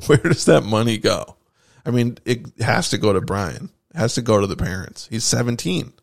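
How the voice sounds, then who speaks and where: A man's voice: mid-range voice, expressive, normal speed, vocal fry. A man co-hosting a casual podcast, joking and riffing with plenty of swearing. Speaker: podcast co-host.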